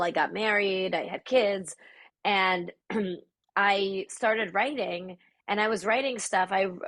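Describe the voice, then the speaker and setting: She's a podcast guest from the Soviet Union, Russian her first language, speaking with a mid-range, fairly bright voice. The conversation is a reflective interview, and she answers thoughtfully, searching as she goes.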